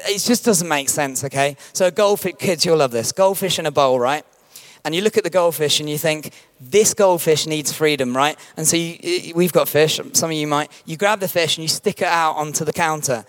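A man, a pastor preaching a sermon with animated storytelling and acted-out quotes. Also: a little high, a little fast.

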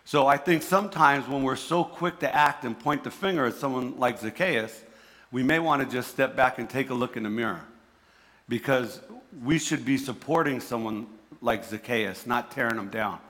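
A man's voice: medium pitch, normal speed, a bit bright, long reverb tail. A man with a New Jersey accent giving a conversational sermon, often restarting words and repeating himself. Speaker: preacher.

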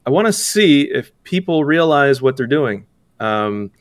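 A man talking casually as an interview guest about making games, halting, restarting his sentences and laughing often. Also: medium pitch, big pitch swings, dry recording, clean studio sound. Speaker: game developer guest.

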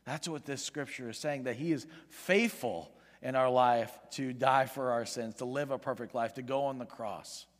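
A man's voice: mid-range voice, moderate pace, hardly any pauses. A man preaching a sermon as pastor, earnest and pleading, rising in volume for emphasis. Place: church sanctuary. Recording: long reverb of a large hall.

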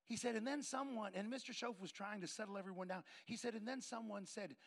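A man preaches through a personal story. His voice sits high and carries a gravelly edge. He leans into the quoted lines and voices each person in turn. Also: quick pace. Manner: animated storyteller acting out dialogue. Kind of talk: sermon storytelling.

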